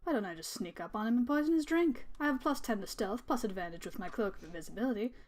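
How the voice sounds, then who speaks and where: A cocky rogue, as a man puts him on, talking fast in a high, bouncing voice. He sounds eager and boastful. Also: animated. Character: cocky sneaky rogue player.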